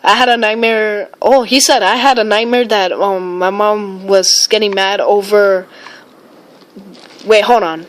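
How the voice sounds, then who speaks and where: A woman's voice: mid-range voice, fairly even intonation, a little slow. A woman live-streaming, rambling and exclaiming often while reading viewer comments. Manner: rambling, filler-heavy. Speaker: livestream weather vlogger.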